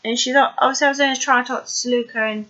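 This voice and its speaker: A woman's voice: sits high, fairly even intonation, racing, a bit bright, dull audio. A woman casually recapping a TV episode, chatty and rambling with plenty of fillers.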